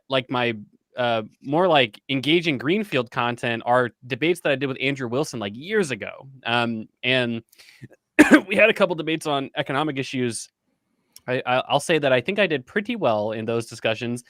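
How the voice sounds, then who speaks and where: A man's voice: medium pitch, animated, normal speed, fairly bright tone, no room sound. A man co-hosting a political talk show speaks hesitantly and restarts his sentences often. His voice sounds dry and close. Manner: hesitant, many restarts, laughs easily. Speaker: podcast co-host. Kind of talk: casual political chat.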